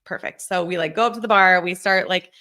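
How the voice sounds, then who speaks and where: A woman in her thirties telling a story on a podcast, animated, acting out quotes and laughing often. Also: lowish voice, a little fast. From Southern California. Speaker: podcast co-host. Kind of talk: casual storytelling chat.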